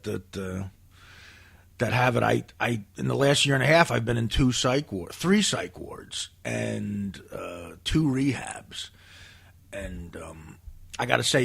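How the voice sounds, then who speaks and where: A man's voice: lowish voice, creaky, fairly bright tone, husky. A man who is a podcast guest, telling stories in a comic style that is profane and self-deprecating and full of laughter. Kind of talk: comic storytelling in a podcast interview.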